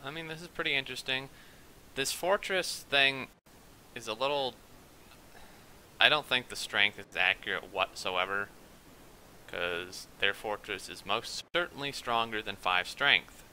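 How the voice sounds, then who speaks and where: A young man giving rambling, excitable gameplay commentary at his computer, quick to get worked up. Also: medium pitch, slight background noise, poor audio. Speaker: let's play gamer.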